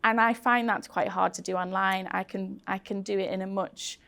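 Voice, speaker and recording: A woman's voice: medium pitch, fairly even intonation, normal speed, vocal fry, fairly bright tone. A middle-aged woman with a Liverpool accent talks in an earnest, conversational way at a panel event. She acts out what she says to the people in her workshops and slips into those quoted voices as she goes. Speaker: founder of a craft activism group, guest speaker.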